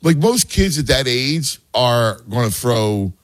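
A man talks in a mid-pitched, plain voice, rambling through his points with lots of restarts as he explains how a game plays out. The sound is dry and close, with no room echo. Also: very animated, slow. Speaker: youth baseball coach, father. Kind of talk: casual podcast chat.

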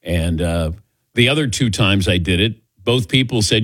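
A man's voice: lowish voice, moderate pace, fairly bright tone, no echo. Self-mocking middle-aged male sports host. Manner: self-deprecating storyteller, acts out quoted voices. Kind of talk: casual talk-show banter.

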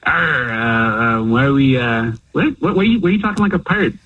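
A man's voice: fairly high pitch, sing-song, very fast, breathy edge. A man on a phone call who stammers and restarts his sentences, confused by the caller. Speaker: phone prank target.

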